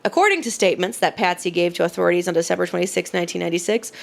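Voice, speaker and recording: Woman podcast cohost, dry teasing delivery, gravelly edge. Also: fairly low pitch, very fast. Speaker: podcast co-host. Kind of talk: casual chat, reading case notes.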